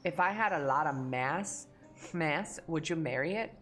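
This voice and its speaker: A woman's voice: low voice, lively intonation, a little slow, fairly bright tone, soft background music. A woman from Mexico, a streamer chatting casually and crudely with her viewers, playful and joking. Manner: crude, playful, talks to chat, hums and sings nonsense. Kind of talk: casual livestream chat.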